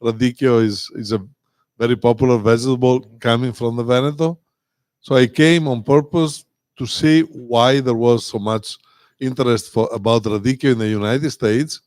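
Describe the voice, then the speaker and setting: An older man from Italy with an Italian accent, a guest winemaker telling a story in a measured way on a live cooking show. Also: medium pitch, fairly even intonation, a little mellow, no room sound. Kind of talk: casual live chat.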